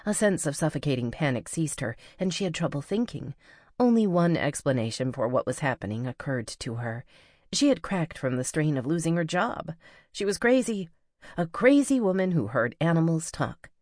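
A woman with a deep voice reads a novel as an audiobook, narrating from a script in a measured, even storytelling style. The recording is dry and clean, with studio quality.

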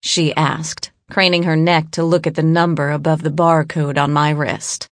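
A woman narrating an audiobook in a measured, cool first-person delivery. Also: sits low, level tone, dry recording, studio quality.

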